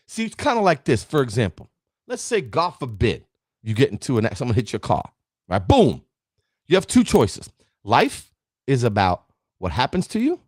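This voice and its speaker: A man's voice: mid-range voice, dry recording, studio quality. A man giving a live-streamed motivational talk, emphatic and preachy, often asking "right?" and greeting viewers by name. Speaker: motivational speaker.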